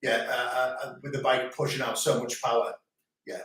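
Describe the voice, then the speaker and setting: A man's voice: mid-range voice, flat delivery, normal speed, fairly bright tone. Man, middle-aged, easygoing jokey chat, distant from the mic, heavy room echo. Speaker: host's visiting brother. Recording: echoey room, away from the mic.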